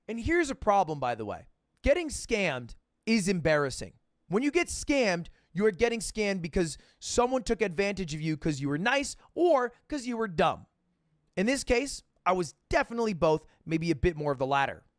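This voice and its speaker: A young man telling a story in a casual monologue, profane and animated, acting out both sides of the phone calls he recounts. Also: a little high, no room sound, studio quality.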